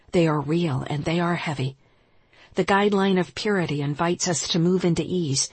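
A woman who teaches yoga, reading her spiritual nonfiction aloud in a calm, measured, reflective way. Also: lowish voice, husky, no echo.

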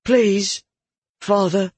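Subdued timid youth, read by a man, raised husky voice, dry close sound, audiobook. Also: high voice, steady tone, drawn-out words, no echo, voice pushed up, full character voice. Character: troubled youth, timid and subdued, touched by madness. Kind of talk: audiobook narration.

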